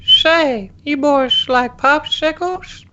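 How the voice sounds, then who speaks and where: A man doing a comic impression of a creepy elderly cartoon man with a high, wheedling croon. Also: takes it slowly, sharp tone, lo-fi sound, heavily acted. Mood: leering.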